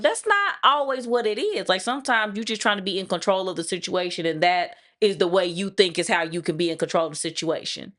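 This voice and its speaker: Sassy, lively-voiced woman co-host. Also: medium pitch, fairly quick, hardly any pauses. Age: 30s to 40s. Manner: sassy, blunt, animated acted-out quotes. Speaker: podcast co-host. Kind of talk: casual chat.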